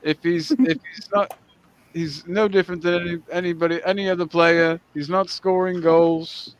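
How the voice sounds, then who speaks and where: A man's voice: high voice, flat delivery, normal speed, slight background noise, pitched above the performer's own voice, lightly acted. A man mimicking a friend in a put-on Cockney accent, ranting bluntly and dismissively. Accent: Cockney impression.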